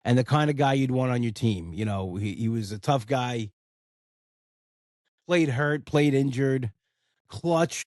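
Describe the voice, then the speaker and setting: A man's voice: mid-range voice, measured pace, long pauses, darkish tone, no room sound, studio quality. A man, hosting a casual solo podcast, talking in a rambling, heartfelt way with many "you know" fillers. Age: 40s. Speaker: podcast host.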